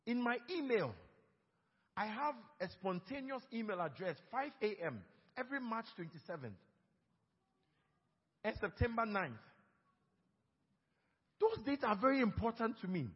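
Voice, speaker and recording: A man preaching a sermon on marriage, lively, and he acts out quoted couples in small put-on voices. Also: sits high, a little slow, pauses often, slightly rough. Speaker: pastor. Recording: dull sound with long hall reverb.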